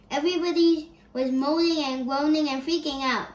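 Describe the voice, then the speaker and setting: A woman reading a children's chapter book aloud in an expressive, gentle storytelling manner. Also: sits high, moderate pace, hardly any pauses. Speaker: storybook reader. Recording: echoey room.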